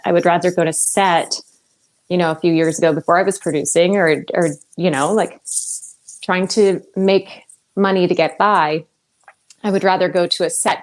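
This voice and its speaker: A woman with a slightly low voice tells stories in a loose, upbeat way, full of fillers and asides. She sounds like a guest chatting freely in an interview. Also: poor audio. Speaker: guest actor and producer. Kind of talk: casual interview chat.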